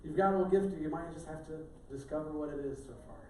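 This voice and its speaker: A man's voice: on the high side, a little fast, warm tone, a little hiss or hum. Man preaching in an echoey church. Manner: conversational, joking asides. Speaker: pastor. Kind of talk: sermon. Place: church sanctuary. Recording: echoey church room, distant mic.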